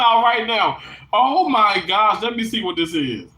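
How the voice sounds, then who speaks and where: A woman from Mississippi with a Southern accent chats live with her viewers in an animated, exclamatory way. Her voice is bright and tense. Her pitch swings widely from low asides to high outbursts. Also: moderate pace, poor audio. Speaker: livestream host chatting with viewers. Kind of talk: casual live chat.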